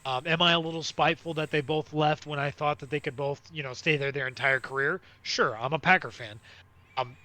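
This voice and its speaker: A man's voice: a little high, fairly quick, pushed and bright, no echo. A man co-hosting a casual sports podcast, rambling with lots of fillers and restarts. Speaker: podcast co-host.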